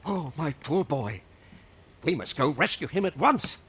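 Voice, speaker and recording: An actor playing a distraught old grandfather in a video game, pleading in old-fashioned speech with a husky voice. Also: fairly high pitch, sing-song, unhurried, fairly bright tone, a little hiss or hum. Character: frantic old grandfather of a missing boy.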